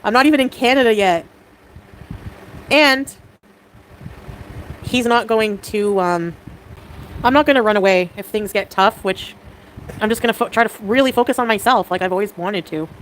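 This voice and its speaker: A woman chatting casually on a livestream, excitable and giggly, with quick swings in mood. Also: medium pitch, slight background noise, rough recording.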